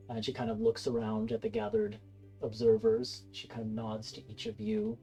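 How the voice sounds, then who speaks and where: A game master narrates a tabletop game in a loose, hesitant way, with frequent restarts. The tone is mellow. Faint music plays underneath. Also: mid-range voice, very animated, a little slow, long pauses, husky.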